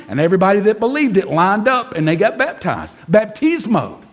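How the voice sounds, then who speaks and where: Animated high-voiced man preaching a sermon. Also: brisk, hardly any pauses. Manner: animated storytelling, acting out biblical figures. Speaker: pastor. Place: church service before a congregation.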